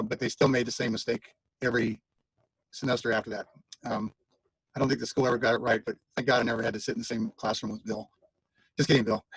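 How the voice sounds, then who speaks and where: A man speaks at his mother's online funeral in an unhurried, halting way, full of fillers and restarts. His voice is husky and a little breathy. The sound is dry and close, with no room around it. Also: mid-range voice, dry recording, rough recording. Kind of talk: informal eulogy over video call. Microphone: video call.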